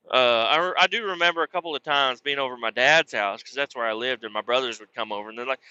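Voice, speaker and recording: A man's voice: mid-range voice, quick pace, few pauses, pushed and bright, clean tone, dry recording, dull audio. A man hosting a podcast, telling a rambling, profane story in a casual monologue and jumping into quoted voices of the people in it. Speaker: podcast host.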